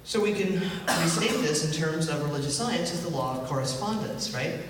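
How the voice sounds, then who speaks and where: A man's voice: a little high, moderate pace, a little hiss or hum. A male minister giving a conversational sermon, often asking the congregation questions. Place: church hall. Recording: echoey hall from far off.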